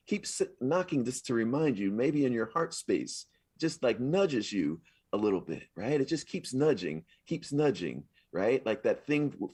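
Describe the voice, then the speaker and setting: A man's voice: mid-range voice, darkish tone, slightly rough, no room sound. A man, a minister, preaching a sermon at a live service in a conversational, affirming way, repeating his points. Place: live service at a spiritual center.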